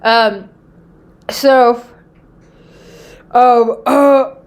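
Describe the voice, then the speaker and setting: A woman's voice: on the high side, steady tone, very slow, clear, resonant tone. A woman casually retells a Bible story for her video. She rambles and leans on fillers. She keeps checking in with her listeners. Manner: rambling, full of fillers and "okay?".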